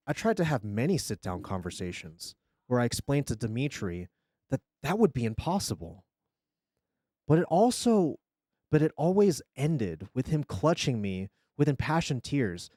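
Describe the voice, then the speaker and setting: Expressive man reading a scary story. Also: mid-range voice, dry recording, studio quality. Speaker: streamer telling a story.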